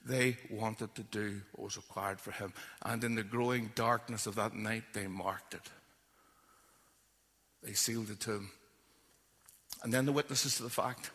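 A man's voice: fairly even intonation, a little slow, pauses often, fairly bright tone, husky, big-room sound. A man preaching a sermon, telling the story vividly and acting out the voices in it. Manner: storytelling, acts out quoted voices with rising pitch.

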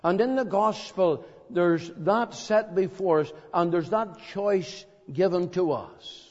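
Slow dramatic preacher in an echoing hall. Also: male voice, high-pitched, darkish tone. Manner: slow, dramatic, with emphatic questions. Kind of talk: evangelistic sermon. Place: meeting hall. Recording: dull lo-fi recording in a reverberant hall.

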